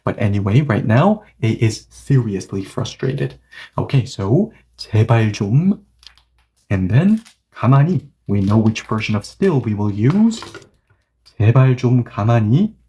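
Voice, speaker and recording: Man, language teacher, mellow warm voice, patient, repeats himself, grammar lesson. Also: on the low side, big pitch swings, moderate pace. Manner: patient, repeats and restates points.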